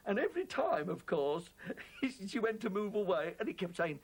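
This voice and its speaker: A man's voice: high-pitched, normal speed, husky. A man telling an anecdote, acting out both sides of a conversation. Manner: lively storyteller, mimics both sides of a conversation. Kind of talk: anecdote with acted-out quotes.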